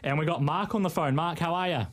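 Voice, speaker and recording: A man's voice: on the high side, fast talker. A man hosting a sports radio show, upbeat and chatty with callers in the studio. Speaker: radio host.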